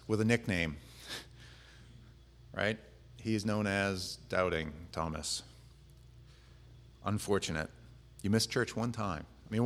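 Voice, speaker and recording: A man's voice: lowish voice, a bit bright. A pastor preaching a conversational sermon in a casual, humorous way, often acting out the lines he quotes.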